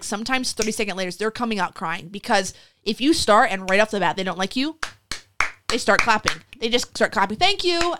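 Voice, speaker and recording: A woman's voice: mid-range voice, a bit bright, a little hiss or hum. A young adult woman, a guest in a casual interview, tells a story and acts out the voices of the people in it, with many "like" fillers.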